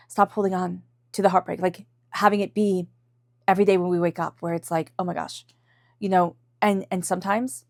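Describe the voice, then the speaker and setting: A woman talks through a tarot reading in a chatty, reassuring way, slipping into quick quoted voices and laughing often. Her pitch sits in a middle range. The sound is dry and close, with no room around it. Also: mellow, no echo. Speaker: tarot reader. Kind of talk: casual tarot reading to camera.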